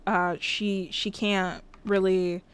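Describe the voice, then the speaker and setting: Speaking slowly and flatly in a clean, mid-range voice, a woman livestreams a life-sim game. She chats casually, talking to the characters on screen and thanking viewers in chat.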